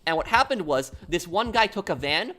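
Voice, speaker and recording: A man's voice: high voice, very animated, moderate pace, sharp tone, slight background noise. A man from New York telling a long story on a stream, rambling and restarting his sentences. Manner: rambling, repeats himself, restarts often.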